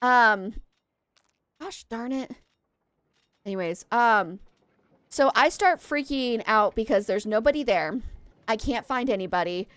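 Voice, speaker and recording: Chatty streamer lady rambling to chat, kinda high voice, super dry mic. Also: lively intonation, measured pace, long pauses, clear, resonant tone, dry recording. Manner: rambling, chatty, heavy use of "like" and "um"; greets and thanks chat warmly. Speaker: game streamer. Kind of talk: casual live-stream chat and storytelling.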